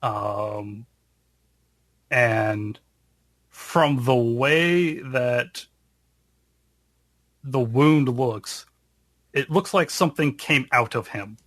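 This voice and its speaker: Game master guy, slow and halting, lots of ums, dry sound. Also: mid-range voice, a bit bright, no room sound. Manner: halting, filler-heavy narration. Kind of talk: narrating a tabletop game.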